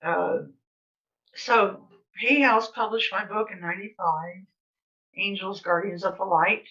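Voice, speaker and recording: Older lady rambling through a story, bright kinda sharp voice, a bit far from the mic and dull sounding. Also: medium pitch, fairly even intonation, unhurried. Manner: chatty, rambling, many fillers. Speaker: guest speaker. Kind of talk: casual storytelling. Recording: slightly distant, dull sound.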